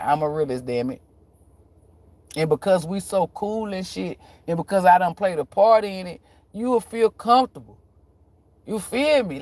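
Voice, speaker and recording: A man's voice: fairly high pitch, darkish tone, no echo. A man talking casually to his viewers, telling a story in a blunt, profane, frank way with frequent laughs. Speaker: tarot reader vlogger.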